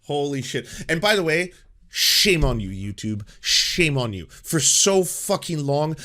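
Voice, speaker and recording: Male streamer host, profane and excitable, slightly high voice, rants hard. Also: measured pace. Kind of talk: live-stream commentary.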